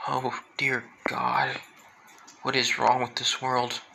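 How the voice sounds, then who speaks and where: A man voicing an emotional, easily shocked teenage girl in a read-aloud fan story, with halting delivery and restarts. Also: mid-range voice, level tone, vocal fry, background noise. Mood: worried.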